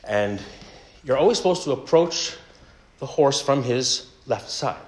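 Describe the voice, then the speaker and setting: A man's voice: medium pitch, expressive, measured pace. A Canadian man telling a funny story in a casual sermon, with self-mocking humor. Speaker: preacher.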